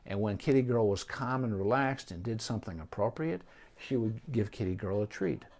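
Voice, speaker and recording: A man's voice: on the low side, animated, moderate pace, a little mellow. A middle-aged man, a veterinarian, giving casual spoken advice with frequent ums and restarts. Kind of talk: unscripted advice talk.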